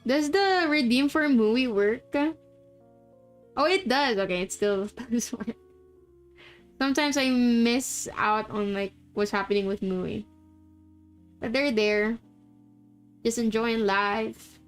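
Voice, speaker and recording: A giggly young woman from the Philippines talks in an unhurried, slightly high voice as she streams a game. Her tone is smooth and clear, and she laughs and swears casually. Faint music plays behind her. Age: young adult. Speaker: VTuber streamer. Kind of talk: casual live-stream chat while gaming.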